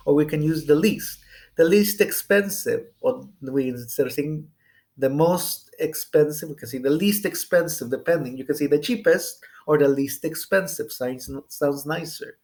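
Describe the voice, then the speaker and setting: American man teaching English grammar. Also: fairly high pitch. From United States. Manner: explanatory, checks in with "okay?". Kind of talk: recorded grammar lesson.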